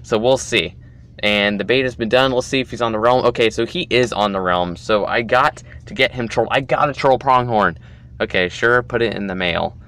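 A young man talks through a game as a commentator, chatty and quick to get excited. His voice is bright and clear with an average pitch, and he breaks into loud shouts when something happens. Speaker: gaming YouTuber.

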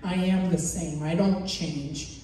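A woman voicing God, speaking slowly and solemnly, in an echoey hall heard from a distance. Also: fairly even intonation, warm tone, slight background noise. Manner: slow, low and measured.

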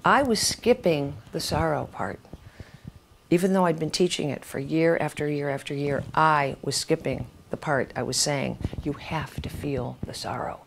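A woman's voice: low voice, normal speed, vocal fry, a little hiss or hum. A woman in her seventies, a writing teacher telling candid stories to an audience, swearing freely and acting out the voices of people in her stories. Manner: acts out quoted voices. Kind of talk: storytelling talk to an audience.

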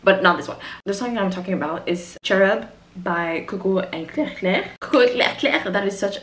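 A woman's voice: mid-range voice, animated, moderate pace, fairly bright tone. A woman, talking casually to camera about arranging music, rambling and interrupting herself. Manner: rambling, chatty, self-interrupting. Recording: roomy echo.

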